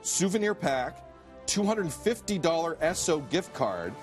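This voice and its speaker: A man's voice: a little high, big pitch swings, unhurried, soft background music. A man in his twenties co-hosting a morning show, joking in wry banter. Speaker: co-host.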